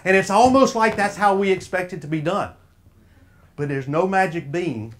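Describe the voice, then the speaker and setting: A man's voice: sits high, moderate pace. A man with a Southern US accent giving a folksy, preacher-like motivational talk to a room of sports officials and quizzing the audience as he goes. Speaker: speaker at an officials' association.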